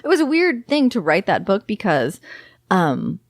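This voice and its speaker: A woman's voice: mid-range voice, huge pitch swings, normal speed, creaky, no echo, clean studio sound. A woman guest, an academic author, talking frankly and candidly in a casual interview, swearing casually.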